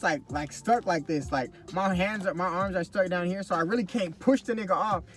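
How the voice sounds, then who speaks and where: A man's voice: high voice, a little fast, few pauses, a bit bright. A young man vlogging, telling a story as an expletive-heavy rant and acting out every quote.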